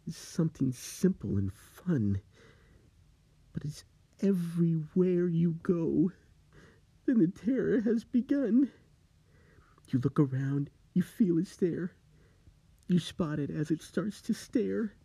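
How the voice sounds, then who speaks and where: A panicky, manic man's voice pushed well up in pitch and gasped out, half whispered at times, the voice of someone haunted and coming apart in a spooky tale, as a storyteller puts him on. The tone stays husky and gravelly with a dry, close sound. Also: dark tone, no room sound, exaggerated voice. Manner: panicky, manic, breathless pleading. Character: frightened, giggling man haunted by a rubber duck.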